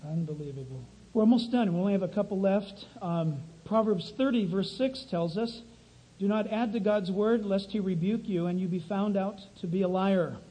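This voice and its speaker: A man's voice: high voice, moderate pace, dark tone, slightly rough, poor audio. A man hosting a show, reading scripture and indignantly commenting on clips of preachers. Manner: indignant, emphatic. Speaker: host critiquing preachers.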